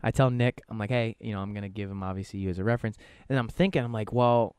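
A young man co-hosting a podcast, telling a story in a casual, animated way and acting out what people said. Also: fast talker, smooth, no room sound, studio quality. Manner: animated, acts out quotes with shifting pitch and swearing. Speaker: podcast co-host.

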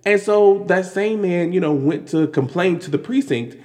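Man, exasperated vlog commentator, slightly raised pitch, reverberant room. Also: normal speed. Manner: animated, exasperated, many restarts and fillers. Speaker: commentary vlogger. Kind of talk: casual news commentary. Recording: long hall reverb.

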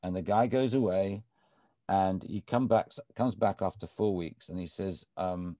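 A man speaking as guest at an evening talk, retelling a book with animated, halting storytelling. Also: low voice, dry recording. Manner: animated, restarts often.

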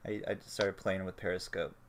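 A man hosting a casual chat, rambling through a story, swearing freely and getting animated when he makes a point. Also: sits low, moderate pace, slight background noise.

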